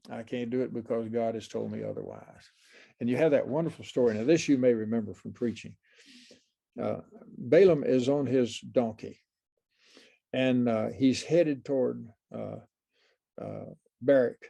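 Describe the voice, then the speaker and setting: Older male Bible class teacher, gravelly, meandering and chuckly. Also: mid-range voice, mellow. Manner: rambling, many fillers and restarts, chuckles often. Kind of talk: informal Bible class lecture.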